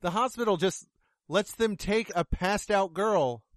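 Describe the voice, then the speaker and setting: A man with a high voice reviews a film in casual conversation. He talks bluntly and sarcastically, with plenty of swearing. The sound is dry and close. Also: unhurried, dry recording. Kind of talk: casual movie review chat.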